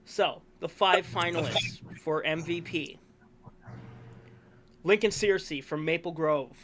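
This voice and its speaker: Taking it slowly, a male co-host of a casual sports review announces award finalists, hiccuping as he rambles and corrects himself, clearly excited about the players. He has a fairly high-pitched, slightly bright voice, with a little hiss or hum in the recording.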